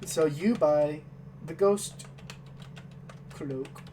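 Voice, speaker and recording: A woman running a tabletop game as game master, narrating in an unhurried way. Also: deep voice, mellow, far from the mic, a little hiss or hum.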